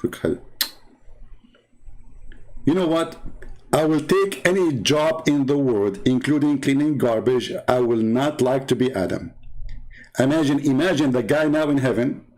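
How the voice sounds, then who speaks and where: A man's voice: mid-range voice, measured pace, long pauses, a little mellow. A male host who is not a native English speaker tells a story in a joking, rambling way, packed with "you know" fillers. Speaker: channel host.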